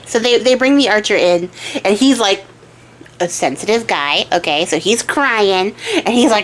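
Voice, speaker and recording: A woman's voice: mid-range voice, lively intonation, normal speed, a bit bright. A young woman hosting a crafting channel, casually retelling a folktale with chatty asides and frequent giggles. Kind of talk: casual storytelling while crafting.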